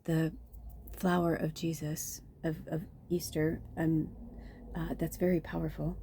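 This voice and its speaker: A woman's voice: lowish voice, warm tone, husky. A woman reading oracle cards and telling myth in a chatty, casual spiritual style, talking from home near a busy road. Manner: chatty, swears, many fillers. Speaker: psychic reader.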